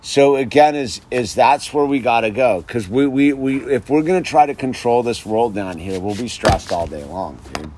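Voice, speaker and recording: A man's voice: medium pitch, normal speed, few pauses, noisy background. A man talking outdoors in his yard in a casual, rambling monologue about sobriety and faith, saying "dude" constantly. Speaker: vlogger speaking on sobriety and faith.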